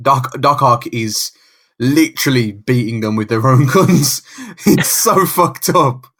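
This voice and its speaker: A man's voice: mid-range voice, slow, fairly bright tone. A man co-hosting a podcast, chatting casually and laughing as he riffs on jokes. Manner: giggly, riffing on jokes. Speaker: podcast co-host. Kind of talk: casual comic-book chat.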